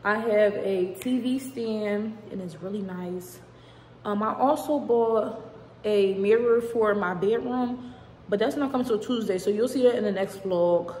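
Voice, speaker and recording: A woman's voice: mid-range voice, a little slow, a little mellow, slight background noise. Chatty young woman vlogging, echoey room. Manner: chatty, rambling, uses y'all and slang. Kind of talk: casual chat to camera. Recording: echoey room with long reverb.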